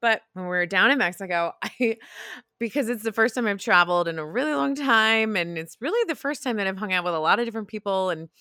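A woman's voice: medium pitch, animated, fast, sharp tone, dry recording, studio quality. A woman in her thirties hosting a podcast, telling a personal story in a frank, confessional way and laughing often. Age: 30s. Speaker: podcast host.

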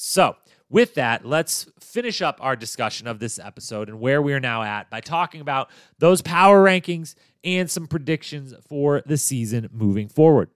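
A man hosts a podcast and talks casually through a recap, upbeat and chatty with plenty of fillers and restarts. His voice is smooth and resonant at an ordinary pitch. The recording is dry and close, with no room sound. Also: no room sound. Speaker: podcast host.

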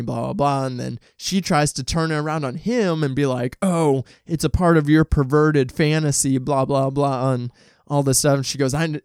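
A man rambles happily through his thoughts on a horror sequel, full of ums and likes and the odd swear word. His voice is smooth and clear. The sound is dry and close, with no room echo. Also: mid-range voice, a little mellow. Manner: chatty, enthusiastic, many ums and likes, swears. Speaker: film reviewer. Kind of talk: casual film review talk. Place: home, dog nearby.

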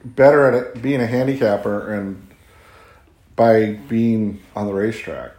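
A male interviewer setting up his questions with background in a measured way. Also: on the low side, dark tone. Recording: roomy echo.

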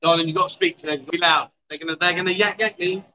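A man's voice: a little high, steady tone, fast, sharp tone, poor audio. A man hosting a casual livestream chat show at a bar, teasing and coaxing his guests. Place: outdoor bar.

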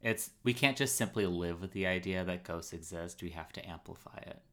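Bright-voiced, laughing male podcast host. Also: low voice, a little fast. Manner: laughs often, playful teasing. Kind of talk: casual chat.

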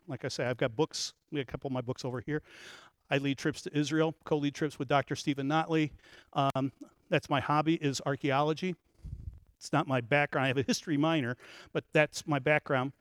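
A man's voice: a little high, dry recording. A man giving a talk on biblical archaeology, telling a story to an audience and rising to emphatic peaks.

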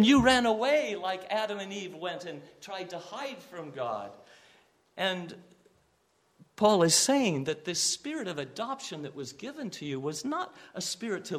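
Male pastor, sermon delivery, high voice, unhurried and earnest, lifts for emphasis. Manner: earnest preaching, repeats words, rises for quoted cries.

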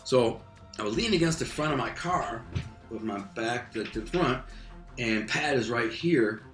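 A streetwise man telling a rough story from his past in loose, casual talk. His voice is bright and forward, and he acts out voices and sound effects. The room rings with echo, and faint music plays behind him. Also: medium pitch, lively intonation, moderate pace.

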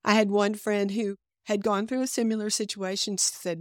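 A woman's voice: mid-range voice, fairly even intonation, brisk, few pauses, no echo, studio quality. A middle-aged woman guest sharing a personal faith testimony in earnest conversational storytelling, acting out her own past thoughts. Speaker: podcast guest.

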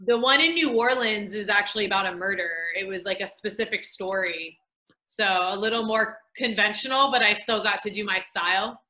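Woman, director, bright voice, upbeat chat, video call. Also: mid-range voice, a little fast, roomy sound, rough recording. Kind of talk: casual chat.

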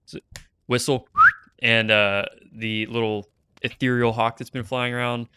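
A man playing in a tabletop role-playing game, talking casually, with gruff in-character lines. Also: mid-range voice, flat delivery, a little slow, pushed and bright, slight background noise. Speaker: player. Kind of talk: casual chat.

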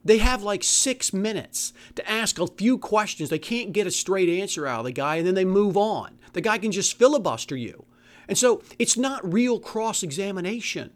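A man's voice: high voice, expressive, normal speed. A man hosting his show, delivering an angry, profane monologue and mocking other people's views in put-on voices. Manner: profane, exasperated, mocks opponents in put-on voices. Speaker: podcast host.

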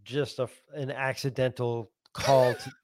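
A man's voice: mid-range voice, level tone, a little slow, darkish tone, dry recording. A man co-hosting a casual podcast, telling stories in a laid-back, filler-heavy way with casual swearing. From Southern California. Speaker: podcast co-host. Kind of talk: casual chat.

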